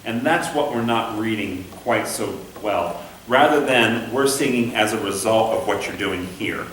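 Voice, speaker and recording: A man's voice: lowish voice, a little slow, a bit bright. Patient male conducting teacher, echoey room. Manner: patient, demonstrative, sings syllables to show rhythm. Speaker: conducting instructor. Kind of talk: classroom coaching. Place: rehearsal room. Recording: echoey room from far off, faint hiss.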